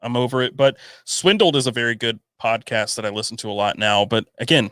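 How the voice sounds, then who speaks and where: A man with a faint Southern US accent, co-hosting a podcast in casual chat and ranting with animated energy. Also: medium pitch, a little fast, clear, resonant tone, no echo, clean studio sound. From Southern US farm town. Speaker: podcast co-host.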